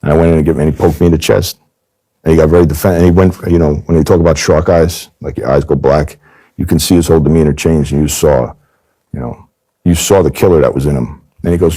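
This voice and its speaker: A man's voice: sits low, fast, dark tone. A man recounting his time as an undercover agent in a candid interview, emphatic and repeating phrases for stress. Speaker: former undercover agent telling his story.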